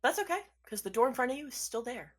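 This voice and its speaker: A woman running a tabletop role-playing game, describing scenes to a player in a playful, unhurried way. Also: high voice, animated, crowd noise. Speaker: game master.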